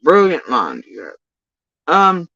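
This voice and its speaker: A woman's voice: low-pitched, wildly swooping pitch, slow, bright, forceful tone, slightly rough, no room sound, lo-fi sound. Profane, ranting woman with a swinging voice. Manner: profane, sarcastic, exasperated ranting. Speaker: YouTube drama commentator. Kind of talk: casual ranting livestream commentary.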